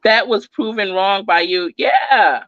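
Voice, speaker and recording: A middle-aged woman with a New Jersey accent, hosting a casual livestream in a loud, fast, passionate voice. Her voice sits at a medium pitch for a woman. The recording is dry and a little dull. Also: dry recording. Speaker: true crime YouTube channel host.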